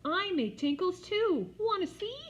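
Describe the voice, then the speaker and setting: Lady doing a cheeky know-it-all little girl, way up high, bouncy and smug. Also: sing-song, measured pace, exaggerated voice. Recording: slightly dull recording.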